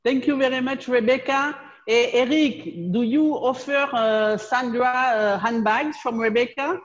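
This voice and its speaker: A woman hosting a video call, brisk and playful, introducing guests. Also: fairly high pitch, dull audio. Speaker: event host.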